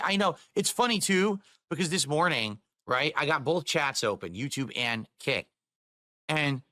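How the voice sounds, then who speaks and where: A man's voice: fairly high pitch, sharp tone, no echo, studio quality. A man live-streaming a heated rant to his chat, swearing and firing off rhetorical questions.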